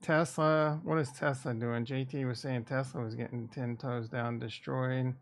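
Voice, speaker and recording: Speaking a little slowly in a steady, medium-pitched voice, this crypto and stock market streamer from the American Midwest rambles irreverently through casual livestream chat, thinking out loud about markets.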